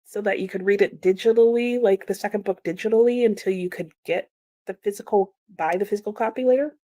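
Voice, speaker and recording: Chatting fast with her viewers, a young American woman laughs frequently while reading their comments during a casual livestream. She has a mid-range, dark-toned voice, recorded at studio quality without echo.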